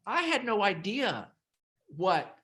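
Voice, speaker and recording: Animated, halting speaker with lively pitch. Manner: halting, repeats words, emotional and animated. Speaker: podcast host and author. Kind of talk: casual interview conversation.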